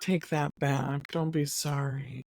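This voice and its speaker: A woman's voice: very deep voice, fairly even intonation, slow, gravelly, darkish tone, no echo. A woman hosting an interview podcast, affirming and supportive toward her guest. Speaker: podcast host. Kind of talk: interview conversation.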